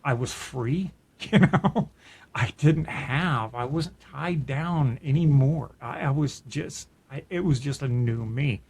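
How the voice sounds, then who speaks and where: A man's voice: medium pitch, takes it slowly, a little mellow, breathy edge. A middle-aged man tells a personal story on a podcast in a mid-range voice. He talks earnestly and reflectively, often stopping to restart a phrase. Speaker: podcast co-host. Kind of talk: personal storytelling in casual chat.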